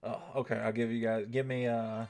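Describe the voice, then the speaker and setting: A man's voice: mid-range voice, little pitch movement, brisk, darkish tone, faint music behind. Casual, rambling gaming streamer man. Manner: loose, rambling, swears freely and keeps asking "right?". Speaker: gaming livestream host. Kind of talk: casual chat with a live audience.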